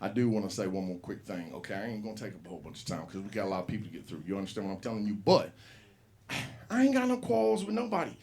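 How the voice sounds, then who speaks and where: A man's voice: on the low side, very animated, rapid-fire, darkish tone, breathy edge. A man hosting an open mic comedy night, telling a rambling, profane story to the crowd. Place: comedy club. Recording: live room with audience.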